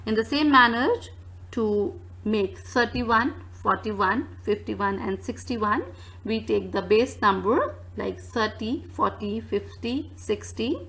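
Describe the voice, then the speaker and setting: A woman's voice: on the high side, slow pace, a bit bright, poor audio. A woman teaching numbers, saying each one twice, plainly. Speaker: French teacher. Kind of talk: slow spoken lesson with repetitions.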